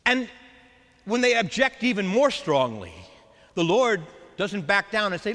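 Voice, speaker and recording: A man preaching a sermon as a priest, animated and acting out the voices of scripture. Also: high-pitched, a little slow. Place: church. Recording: long church reverb.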